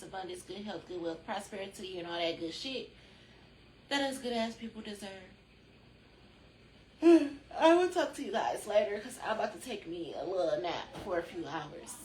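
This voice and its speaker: A woman's voice: on the low side, reverberant, slight background noise. A woman hosting a rambling spiritual chat, drowsy, chatty and loosely profane, talking from a room at home. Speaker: spiritual channel host.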